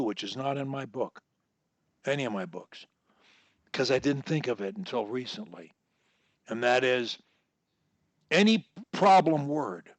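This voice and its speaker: A man coaching one-on-one over a video call, explaining techniques in a deliberate, instructive way and drawing words out. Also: on the high side, vocal fry, no room sound. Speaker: speech coach.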